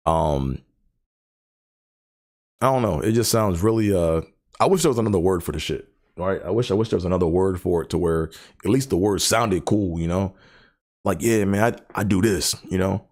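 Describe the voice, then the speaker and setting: On his own show, a low-voiced man chats casually and alone about stuttering, which he lives with himself. He speaks at a moderate pace with long pauses, rambling through many fillers, repeated words and stutters.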